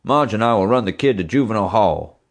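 A man reading an audiobook, voicing a bossy male officer who loudly gives orders. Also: lowish voice, lively intonation, fast, voice pushed up. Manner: loud, ordering.

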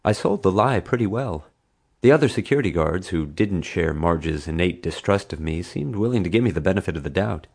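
Man, very low voice, audiobook narration, dry storytelling delivery. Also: lively intonation, a little fast, vocal fry, a little mellow, husky. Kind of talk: scripted narration.

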